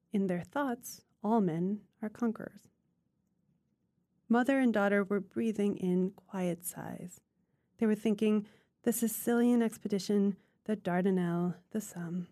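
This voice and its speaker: A woman reading a literary short story aloud in a measured, unhurried way. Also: medium pitch, dark tone, no echo, studio quality. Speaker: guest reader.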